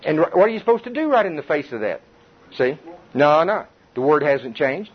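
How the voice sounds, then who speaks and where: A middle-aged man preaching to a Bible study group in a lively, conversational way, with chuckles and repetition. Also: fairly high pitch, a little fast, husky. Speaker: pastor. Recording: dull muffled recording.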